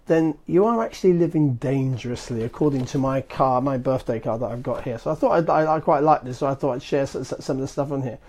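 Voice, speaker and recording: A marketing agency host runs a casual live stream into his phone, speaking briskly in a fairly high, warm voice. He rambles easily and chattily, filling gaps with ums and restarting sentences often.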